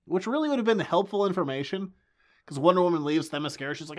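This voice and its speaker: Speaking fast in a high-sitting voice, a late-twenties man co-hosts a comics podcast with casual, animated banter full of jokes and laughter.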